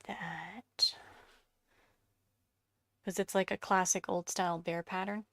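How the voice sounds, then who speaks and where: Her voice on the low side, this sculpting vlogger speaks slowly with fairly even intonation, creaky and sharp in tone, leaving long pauses and no room sound. Congested and coughing, she narrates her work casually, hunting for words and slipping into whispers at times.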